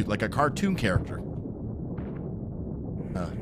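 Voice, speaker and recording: A man's voice: sits low, very animated, moderate pace, pauses often, very noisy. A man giving nervous, joking commentary while playing a horror game, jumpy and easily startled. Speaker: gaming streamer.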